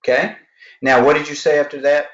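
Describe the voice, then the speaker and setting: On a live video call, a man runs an online sales training session, energetically acting out conversations with customers. His voice is slightly high and fairly bright, a little fast, with little pitch movement. He is in a home office with alarms, and the recording sounds roomy, dull and lo-fi.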